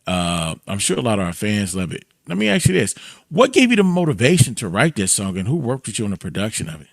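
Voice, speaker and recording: Middle-aged male host, Southern twang, encouraging and lively, low-set voice, dry mic. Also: quick pace, vocal fry, no echo. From Mississippi, raised in California. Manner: upbeat, encouraging, repeats words. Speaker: radio host. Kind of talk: radio interview.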